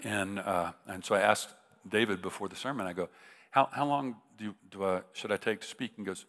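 Telling a humorous story during a sermon, a middle-aged visiting preacher from the US talks casually and keeps restarting. The voice is on the low side, a bit bright and a little fast, heard in a reverberant hall.

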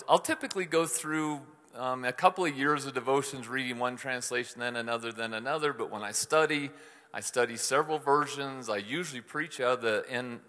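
A male pastor delivers an informal, chatty sermon, often restarting his sentences and turning aside to talk to his listeners. His voice is bright and forward. It rings out with a long reverb through a large church hall. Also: mid-range voice. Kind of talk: conversational sermon.

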